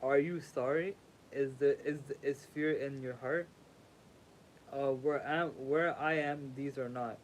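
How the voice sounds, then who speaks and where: A man's voice: mid-range voice, steady tone, slow pace, slight background noise, rough recording. A sleepy man reading a sacred text aloud as a livestream host, stumbling over words, rereading them and making casual asides.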